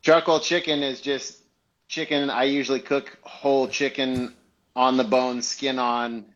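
A man, a chef guest, explaining how he grills chicken in detailed, relaxed talk. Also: mid-range voice, a little slow, dull audio. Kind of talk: casual interview.

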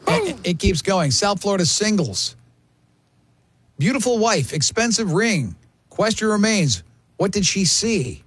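Here is a middle-aged man hosting a talk show, his voice high for a man and husky. The sound is dry and close to the mic. He reads out listener comments between bursts of laughter. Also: sing-song, measured pace, fairly bright tone, no room sound. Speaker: radio show host. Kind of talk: casual studio banter.

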